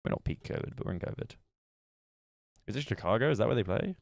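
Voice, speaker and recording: Man, deep low voice, dry close mic, casual livestream chatter, thinking aloud. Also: lively intonation, fast, vocal fry, no echo. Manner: musing aloud while playing a guessing game. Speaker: streamer.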